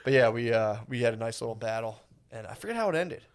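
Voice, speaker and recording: A man's voice: mid-range voice, animated, fast, smooth. Man, 30s, casual rambling storyteller on a podcast. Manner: rambling storyteller, acts out quotes. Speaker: podcast co-host.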